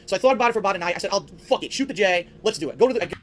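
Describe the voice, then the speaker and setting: A man tears through a bitter story at breakneck speed, his voice pitched high and sharp with grievance. He swears freely and sounds wronged at every turn. A faint noise floor sits under the recording. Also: animated. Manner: rapid, profane, indignant. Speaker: ranting show host. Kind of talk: angry storytelling rant.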